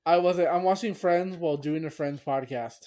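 A man's voice: fairly high pitch, normal speed, warm tone. A young man co-hosting a podcast, trading wry, teasing banter about a sitcom episode. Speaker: podcast co-host. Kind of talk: casual episode recap chat.

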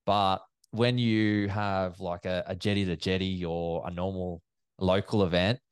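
A man, an event MC chatting in an interview as a lively storyteller, with many fillers and restarts. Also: sits low, unhurried, clean tone, no room sound. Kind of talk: casual interview chat.

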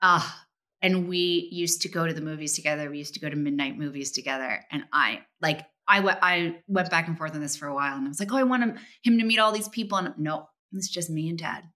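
An adult woman speaks as an interview guest, casual and animated, acting out little quotes as she tells her stories. Her voice sits a bit low yet sounds bright and forward. She talks in a relaxed, chatty way. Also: brisk. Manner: animated, lively storytelling with acted-out quotes. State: tearful.

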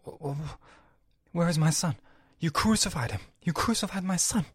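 A man's voice: on the high side, moderate pace, slightly rough, no room sound, voice pushed up. A young man voicing God as a grieving, accusing male deity, calling out with a raised voice into a close mic. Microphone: close mic, breath audible.

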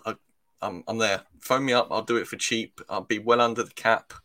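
A man's voice: on the low side, steady tone, brisk, sharp tone. A British man co-hosting a fantasy football podcast, chatting in a dry, laid-back, joking way. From Britain. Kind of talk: casual sports chat.

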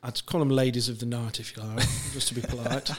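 Guest voice: man, flat delivery, rambling storyteller with lots of fillers. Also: medium pitch, fairly quick, a little hiss or hum. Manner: rambling, many fillers and restarts, laughs while telling stories. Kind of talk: casual chat, telling anecdotes.

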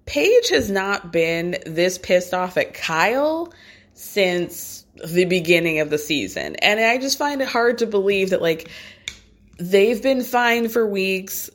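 A chatty woman telling a friend-style recap of reality TV drama. She talks casually and with gossipy energy, laughs between stories and drops the odd curse word. Her voice sits at an ordinary middle pitch. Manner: gossipy, animated, laughs often, swears casually.

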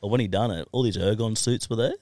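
A man's voice: on the low side, fast, warm tone, no echo. An Australian man telling stories in a casual podcast chat, blunt and swearing freely as he laughs through his stories. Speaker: podcast guest.

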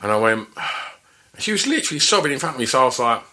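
A man's voice: mid-range voice, fast. A man telling a story in casual chat, laughing and swearing as he goes. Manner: animated, laughs through his story, swears freely. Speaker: podcast guest telling a story.

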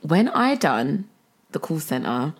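A woman's voice: low-pitched, big pitch swings, slow pace. A young woman, co-hosting a podcast in casual chat and telling rambling stories full of "like" and "innit". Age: young adult. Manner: rambling storyteller, heavy on "like" and "innit". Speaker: podcast co-host.

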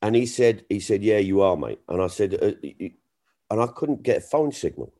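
A man's voice: fairly low pitch, a little fast. A middle-aged man, a comedian, telling stories in casual chat and acting out the exchanges he quotes. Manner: animated, frequent restarts, acts out quoted exchanges. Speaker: comedian guest.

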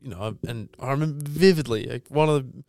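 A man's voice: medium pitch, fairly quick, darkish tone, dry recording, studio quality. A young man, co-hosting a casual podcast and telling stories with emphasis, acting out the quotes inside them. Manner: storytelling, emphatic, acts out quotes. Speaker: podcast co-host. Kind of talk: casual chat.

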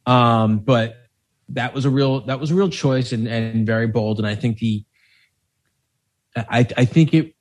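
A man's voice: mid-range voice, measured pace, pauses often. A man co-hosting a casual film podcast, rambling and stumbling as he thinks aloud. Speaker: podcast co-host.

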